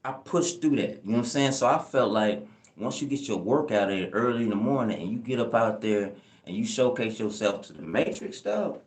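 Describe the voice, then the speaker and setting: A man's voice: medium pitch, animated, a little fast. A young man hosting a casual live chat, rambling in laid-back slang and often asking "you know what I'm saying". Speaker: channel host answering live chat. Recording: echoey room.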